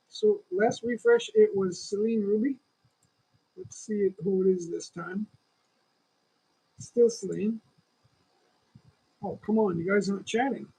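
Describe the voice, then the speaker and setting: A man's voice: high voice, warm tone, slightly rough, low-quality recording. A man in his sixties with a lingering cough, hosting a casual livestream and chatting in a rambling, opinionated way straight to his viewers. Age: 60s. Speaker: livestream host.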